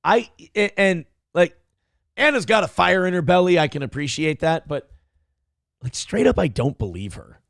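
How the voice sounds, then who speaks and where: A man hosts a reaction show, his gravelly voice swinging lively up and down as he mocks what he hears. He is sarcastic and swears freely. The sound is dry and close. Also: high voice, normal speed, no echo. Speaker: show host. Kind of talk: profane reaction commentary.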